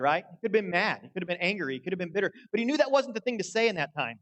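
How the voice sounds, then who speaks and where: Folksy preacher, higher voice. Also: male voice, very animated, very fast, few pauses, a bit bright, rough recording. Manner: folksy, earnest storytelling. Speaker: guest preacher. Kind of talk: sermon.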